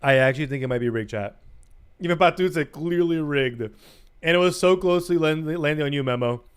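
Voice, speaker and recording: A man's voice: a little high, a little fast, smooth. A man livestreaming in a playful, teasing way, chatting to his audience and breaking into sing-song bits. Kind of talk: casual chat to a live stream audience.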